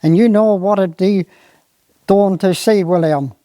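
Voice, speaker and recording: A Cornish dialect performer voicing a slow-witted, apologetic old gamekeeper with a broad Cornish accent who talks hesitantly and roundabout. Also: male voice, high voice, mellow, no echo, clean studio sound.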